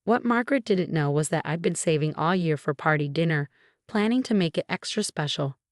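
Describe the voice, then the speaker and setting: A young adult woman tells a first-person story in a calm, intense, scripted narration. Her voice sits low for a woman. The sound is dry and close, with no room around it. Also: brisk, no room sound.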